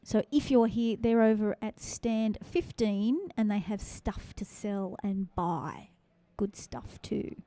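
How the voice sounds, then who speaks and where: A woman's voice: mid-range voice, slow, few pauses, mellow. A woman with a Western Sydney Australian accent hosting a live-streamed photography judging, calling scores and chatting with the audience. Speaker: photography awards host.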